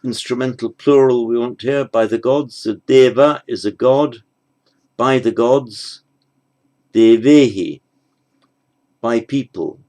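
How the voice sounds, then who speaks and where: In a spoken grammar lesson, a man works slowly and methodically through translation exercises, pausing as he thinks aloud. His voice is mid-range with a darkish tone.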